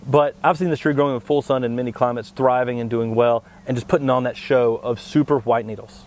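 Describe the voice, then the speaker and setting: Guy calmly breaking down japanese maple varieties, mid-pitch voice. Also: a little fast. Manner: steady, explanatory, plant-expert tone. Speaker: co-host of plant show. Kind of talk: informative product talk.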